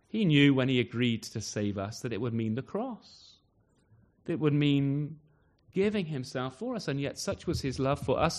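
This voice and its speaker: A man preaching a sermon at an evening service, emphatic, often closing points with rhetorical tag questions like "isn't he?". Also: a little high.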